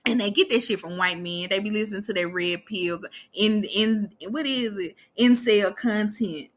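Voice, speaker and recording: A woman's voice: medium pitch, normal speed. A woman in her twenties hosting a podcast, talking straight to her listeners in a blunt, profane, emphatic monologue. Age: 20s. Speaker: podcast host.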